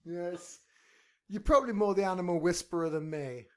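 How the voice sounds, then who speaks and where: A man's voice: high-pitched, normal speed, a bit bright. A man hosting a podcast, telling stories in casual chat and laughing at his own jokes. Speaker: podcast host. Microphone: headphones on.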